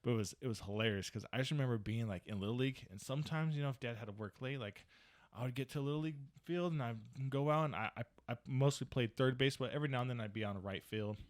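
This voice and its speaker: A man's voice: medium pitch, quick pace. A man in his thirties chatting on a casual podcast, with a mid-range voice. He tells stories with energy, acts out the people in them and swears freely. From moved to Texas. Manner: animated storyteller, acts out quotes, swears freely. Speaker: podcast co-host. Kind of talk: casual chat.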